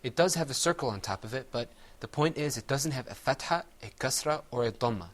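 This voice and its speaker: Man, recitation teacher, patient, classroom teaching, slow repeated drills. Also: medium pitch, expressive. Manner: patient, quizzes students and drills words slowly.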